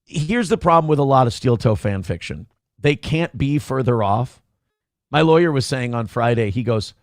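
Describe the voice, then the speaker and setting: A man hosting a podcast, telling a story in casual, animated chat and slipping into other people's voices when he quotes them. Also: medium pitch, normal speed, no room sound, studio quality.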